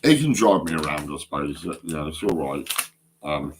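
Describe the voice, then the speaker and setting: A man's voice: rumbling low, very animated, moderate pace, a little hiss or hum. A man talking to his phone in a rambling, swearing monologue, often repeating himself. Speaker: vlogger.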